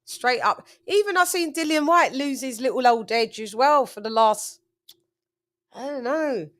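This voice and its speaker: Casting: woman, slightly high voice, blunt fight chat, dry mic. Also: expressive, measured pace, fairly bright tone, dry recording. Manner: blunt, profane, emphatic. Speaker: channel host. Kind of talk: casual live watch-along chat.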